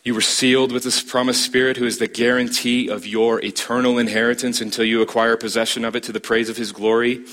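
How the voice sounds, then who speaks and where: A man preaching a sermon, stressing his points emphatically and asking the listeners direct questions. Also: a bit bright. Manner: emphatic, rising to a high pitch to stress points.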